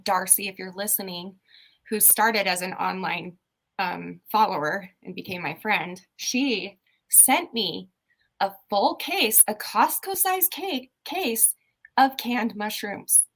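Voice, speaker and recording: A woman hosting a casual podcast chat, animated and exclamatory. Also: medium pitch, slow pace. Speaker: podcast host.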